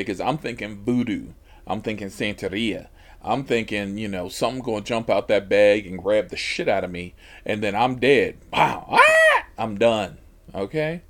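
A man hosting a podcast, telling a story from his rideshare driving in an exasperated, heavily profane way. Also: on the low side. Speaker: podcast host and rideshare driver.

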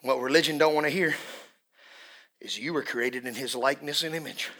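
A middle-aged man preaching a sermon in a church, dropping to hushed asides and then rising to shouted climaxes. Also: medium pitch, a little fast. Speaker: pastor. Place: church service in a room.

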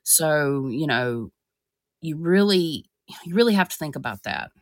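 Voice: medium pitch, expressive, unhurried, no room sound, clean studio sound. A podcast co-host and spiritual practitioner explaining earnestly, often restarting sentences. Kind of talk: casual podcast discussion.

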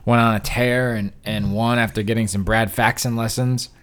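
A man's voice: lowish voice, steady tone, moderate pace, a bit bright. A man hosting a podcast in casual chat, upbeat and rambling, often correcting himself. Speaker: podcast host.

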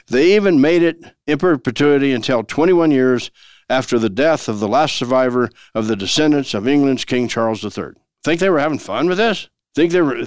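A man's voice: medium pitch, clean tone, no room sound, clean studio sound. A man hosting a show and explaining law in a chatty way, asking rhetorical questions and chuckling now and then. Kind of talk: casual legal commentary.

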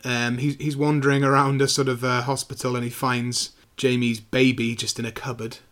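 Animated man retelling a film. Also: medium pitch. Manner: animated retelling, acting out scenes in quick impressions. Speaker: podcast co-host. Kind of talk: casual film review chat.

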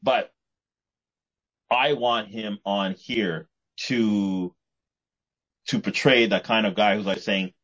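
A man's voice: on the low side, steady tone, slow, pauses often, a bit bright. A man co-hosting a podcast, talking in a rambling way and often restarting his sentences. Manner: rambling, repeats and restarts words. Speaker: podcast co-host. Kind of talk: casual chat. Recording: muffled lo-fi podcast audio.

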